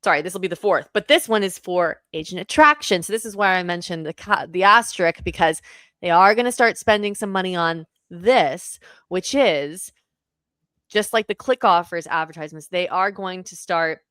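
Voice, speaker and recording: Chatty, excitable woman podcast host. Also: fairly low pitch, moderate pace, no room sound. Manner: chatty, excitable, often backtracks and corrects herself. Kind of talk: casual podcast chat.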